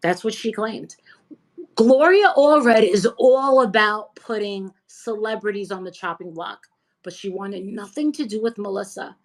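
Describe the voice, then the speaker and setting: A woman guest in a casual chat, talking in an animated, emphatic, gossipy way. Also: medium pitch, unhurried, poor audio. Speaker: interview guest.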